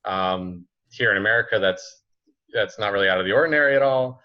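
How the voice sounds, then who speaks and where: A man in his twenties telling a story as a guest on a casual podcast, chatty and relaxed, full of fillers like "like" and "you know". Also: on the low side, a little fast. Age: 20s. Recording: slightly muffled lo-fi recording.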